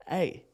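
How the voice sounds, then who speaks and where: A man with a darkish tone gives casual live commentary on a day-trading stream. He swears, uses slang, and laughs often while talking through charts.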